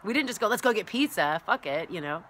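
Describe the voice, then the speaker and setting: Vlogging as a wellness coach and massage therapist, a woman chats and rambles quickly, filling her talk with "like" and "you know" and dramatizing her past thoughts. Her mid-range voice is expressive and fairly bright, with a little hiss or hum in the background.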